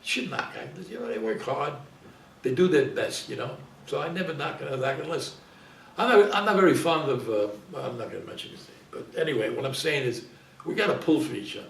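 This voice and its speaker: A man's voice: on the high side, lively intonation, quick pace, creaky, far from the mic. An older man, an actor telling rambling anecdotes in a casual interview, repeating and interrupting himself. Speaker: guest actor. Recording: roomy sound from off-mic, faint hiss.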